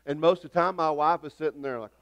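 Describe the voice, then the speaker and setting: A man's voice: on the high side, fast talker, fairly bright tone. A middle-aged man, preaching a sermon as pastor in a folksy, rambling storytelling way with many restarts. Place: church sanctuary.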